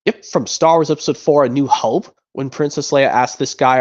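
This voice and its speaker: A man's voice: medium pitch, fairly even intonation, normal speed. A man streaming, chatting casually and rambling with frequent restarts and repeated words. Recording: dull lo-fi sound.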